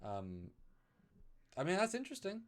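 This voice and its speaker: A man's voice: high voice, wildly swooping pitch, normal speed. A man co-hosting a live review stream, talking casually with lots of fillers and restarts and now and then asking viewers for donations. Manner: chatty, loose, many fillers and restarts, pleads for donations.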